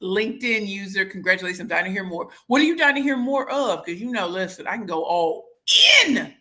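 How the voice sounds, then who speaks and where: Woman host, bright forceful voice, playful, live chat, reads comments. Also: medium pitch, a little fast. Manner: lively, playful, bursts into sing-song and shouts. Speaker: livestream host reading comments.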